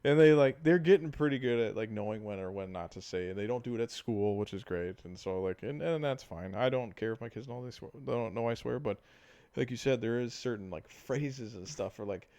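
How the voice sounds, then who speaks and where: A man in his thirties co-hosting a casual podcast, talking in a rambling, profane, animated way. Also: mid-range voice, fairly quick, no echo. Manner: rambling, profane, animated storytelling with acted-out quotes. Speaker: podcast co-host. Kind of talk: casual chat.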